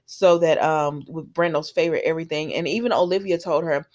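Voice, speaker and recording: A woman's voice: low-pitched, brisk, darkish tone. A young woman casually recapping a soap episode, chatty and opinionated, acting out the characters' lines as she goes. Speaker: soap opera recap vlogger.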